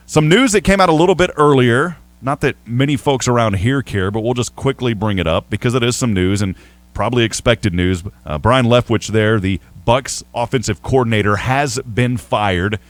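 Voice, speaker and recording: A man's voice: on the low side, lively intonation, moderate pace, no room sound. A man with a Southern accent, hosting a sports radio show in a chatty, rambling way with playful ribbing. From Texas. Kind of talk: casual sports talk.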